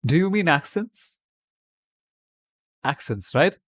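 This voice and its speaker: A man's voice: on the high side, big pitch swings, takes it slowly, a bit bright, no echo. A man from India chatting on a livestream from his home webcam. He answers viewers' comments and talks English in a put-on British accent. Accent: British accent put on by an Indian speaker. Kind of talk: casual livestream chat.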